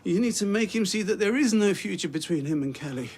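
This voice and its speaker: A man's voice: high-pitched, lively intonation, fast talker, breathy edge, heavily acted. A middle-aged actor playing an anxious father who talks in an urgent, insistent and pleading way.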